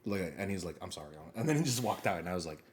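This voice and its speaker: Fast-talking, swearing young man. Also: sits low. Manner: swears often, animated, laughs through stories. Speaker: podcast co-host. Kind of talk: casual storytelling chat.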